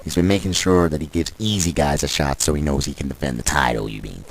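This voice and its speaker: Very deep-voiced sarcastic male commentator. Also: quick pace, slight background noise, poor audio. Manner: sarcastic, exasperated, crude. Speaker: wrestling commentator.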